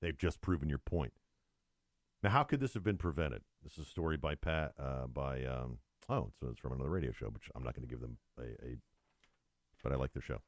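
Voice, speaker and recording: A man's voice: extremely low pitch, brisk, dry recording, clean studio sound. A man co-hosting a talk show, reading news stories aloud with mocking, sarcastic asides. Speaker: radio show co-host. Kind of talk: opinionated talk show chat.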